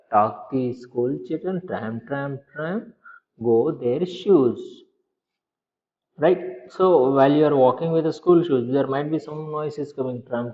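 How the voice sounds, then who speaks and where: A male teacher explaining a children's story, often asking the class a question and then answering it himself. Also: medium pitch. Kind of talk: explaining a school story to young pupils. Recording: echoey room, dull lo-fi sound.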